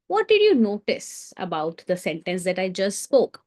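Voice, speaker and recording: A woman's voice: mid-range voice, animated, takes it slowly. A woman teaching a live online creative writing class for children, encouraging them and asking them lots of questions. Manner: encouraging, asks the viewers many questions.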